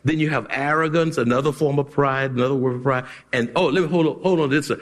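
A male pastor preaching a sermon emphatically, breaking into shouts and chuckles. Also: mid-range voice, quick pace, hardly any pauses, long reverb tail. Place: church sanctuary.

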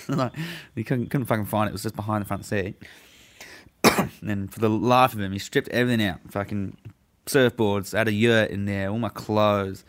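A man's voice: fairly low pitch, fairly even intonation, a little fast. A young man telling a story in casual chat, laid-back, swearing freely and laughing as he goes.

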